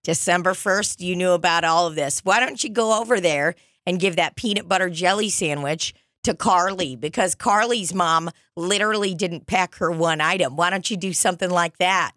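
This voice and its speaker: A woman's voice: fairly low pitch, normal speed, hardly any pauses, fairly bright tone, dry recording, clean studio sound, close to an everyday voice. A woman playing a strict, exasperated female school chaperone who scolds a child in an improvised comedy bit. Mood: scolding.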